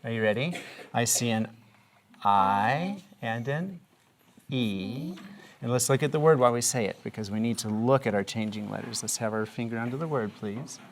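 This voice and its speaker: A woman with an unusually deep, gravelly voice leads a classroom reading lesson for small children. She speaks patiently and asks one question after another. She slows right down to chant the spelling patterns. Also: a little hiss or hum. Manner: patient, asks many questions, draws out phonics patterns slowly. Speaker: kindergarten teacher.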